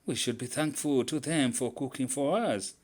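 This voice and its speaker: A man voicing a gullible, slow-witted male leopard in a told folktale, speaking in a measured, purring way. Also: medium pitch, a little mellow, natural voice. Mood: ponderous.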